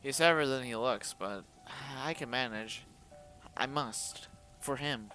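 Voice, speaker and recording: A man reads a visual novel aloud in the first person, putting feeling into the narration. His voice is an ordinary mid pitch, and he often stumbles and restarts. He breaks off now and then with blunt sworn reactions, while faint music plays behind him. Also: unhurried, pushed and bright. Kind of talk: dramatic first-person story reading with asides.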